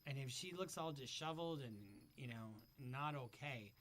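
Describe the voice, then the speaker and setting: A man's voice: medium pitch, normal speed, very noisy. A man hosting casual reaction commentary, talking bluntly and profanely as he thinks aloud. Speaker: commentary host.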